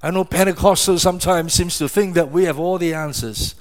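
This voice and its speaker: A man's voice: a little high, fairly quick. A middle-aged man preaching a sermon, emphatic and questioning, often repeating words as he presses his point. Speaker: pastor.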